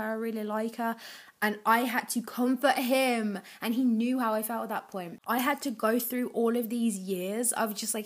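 A young woman, giving frank, chatty advice straight to the camera and acting out the lines she quotes. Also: a little high. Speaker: advice vlogger. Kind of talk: casual advice chat.

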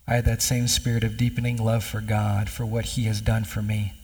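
A man's voice: on the low side, flat delivery, a little fast, darkish tone, slightly rough. A man preaching a sermon as pastor, earnest and building to emphatic appeals to his congregation. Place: church hall. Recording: long hall reverb.

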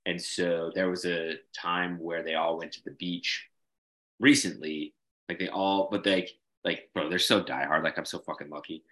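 A man's voice: sits low, flat delivery, moderate pace, fairly bright tone. A young man hosting a casual business chat, swearing freely and saying "bro" and "like" constantly. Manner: swears often, says "bro" and "like" a lot. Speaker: bounce house business owner, podcast host.

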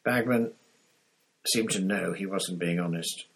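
A man's voice: deep voice, unhurried, vocal fry, poor audio. A man reading a novel aloud, in an unpolished style with small fillers and restarts. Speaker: audiobook reader.

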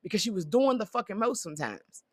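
A woman's voice: mid-range voice, expressive, fast talker, breathy edge, no echo. A woman chatting casually about reality TV, blunt and profane, ranting with lots of energy. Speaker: vlogger.

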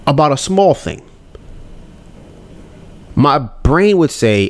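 A man's voice: mid-range voice, big pitch swings, slow pace, pauses often. A man hosting a podcast, talking candidly and rambling about handling his anger, acting out his own thoughts. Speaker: podcast host. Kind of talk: casual solo podcast talk.

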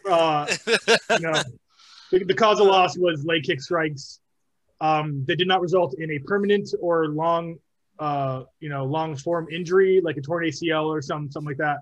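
A man's voice: fairly high pitch, normal speed, dull audio. A man talking casually about fight picks, rambling with many ums, restarts and laughs. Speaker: podcast co-host, called Director. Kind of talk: casual MMA picks chat.

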